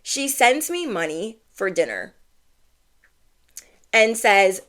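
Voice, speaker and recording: A woman's voice: mid-range voice, big pitch swings, takes it slowly, pauses often, a bit bright. A woman in her thirties telling a personal story to her viewers in a chatty way, full of "like" fillers, acting out what people said. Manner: chatty, lots of "like" fillers, acts out quotes. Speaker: vlogger.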